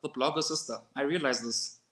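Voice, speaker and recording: Brief: woman co-host, lively storyteller, casual chat recap. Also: a little fast. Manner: animated storytelling, reads out highlights with laughter. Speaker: podcast co-host.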